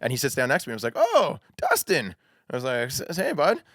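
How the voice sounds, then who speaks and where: A man spins an animated story for his podcast co-hosts, acting out what people said and breaking into laughter. His voice sits at a middle pitch, and the sound is dry and close. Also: racing, no room sound. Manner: animated storyteller, acts out quotes, laughs often. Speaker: podcast co-host. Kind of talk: casual storytelling chat.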